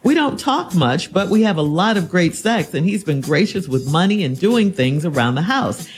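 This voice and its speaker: A blunt woman host with a lively, swinging voice, reading letters and giving frank advice. Faint music plays beneath her. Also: fairly low pitch, normal speed. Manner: blunt, incredulous, teasing.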